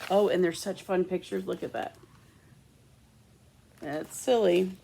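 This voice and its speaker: A woman, a children's librarian, reading a picture book aloud with expressive asides to children. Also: on the low side, measured pace, gravelly, a little hiss or hum.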